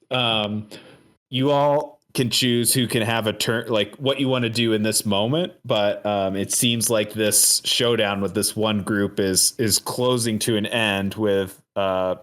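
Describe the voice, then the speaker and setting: A man's voice: on the low side, steady tone, a little slow, a bit bright. A man running a tabletop role-playing game as game master, narrating and often laughing.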